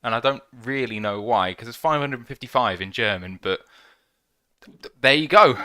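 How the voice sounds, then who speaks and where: Man, relaxed jokey co-host, bright crisp voice, dry close sound. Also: mid-range voice, normal speed, no room sound. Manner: easygoing, jokey. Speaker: podcast co-host reading live chat. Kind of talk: casual fan review chat.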